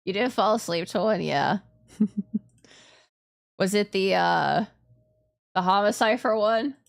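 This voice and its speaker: A woman's voice: medium pitch, slow, creaky. A woman streamer chatting casually to her audience between game moments, taking her time with every sentence. She rambles, laughs at her own mistakes, and keeps a self-deprecating, giggly tone throughout.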